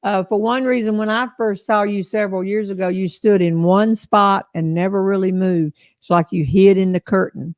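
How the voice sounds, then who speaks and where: A woman's voice: mid-range voice, fairly even intonation, normal speed, few pauses, dry recording. Older lady hosting a live chat, folksy and jokey, dry close sound. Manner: folksy, joking storyteller. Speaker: host. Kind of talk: casual live-stream chat.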